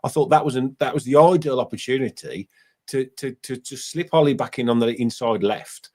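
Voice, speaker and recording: A man hosts a relaxed football phone-in with a voice of middling pitch. He chats freely, joking with callers and guests. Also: a little fast. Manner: chatty, laughs easily, warm banter. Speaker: podcast host. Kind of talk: casual fan phone-in chat.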